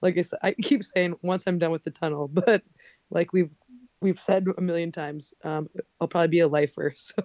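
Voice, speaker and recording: A woman's voice: fairly low pitch, fairly even intonation, moderate pace, darkish tone, no room sound. A woman who works as a skydiving instructor, chatting casually as a podcast guest, laughing often and saying um and like. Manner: laughs often while telling stories, many "um" and "like".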